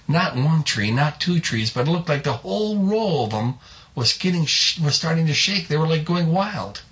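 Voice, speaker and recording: A man telling a folksy story in a drawn-out, homespun way, adding spoken sound effects. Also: fairly high pitch, lively intonation, fairly bright tone.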